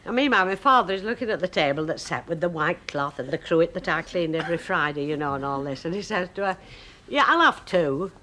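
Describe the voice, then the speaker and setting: A woman's voice: sits low, fast talker, hardly any pauses, a little hiss or hum. An older woman telling a family anecdote, acting out the voices and laughing as she goes. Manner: lively, acts out voices, laughs while telling. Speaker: guest storyteller. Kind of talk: anecdote telling on a chat show.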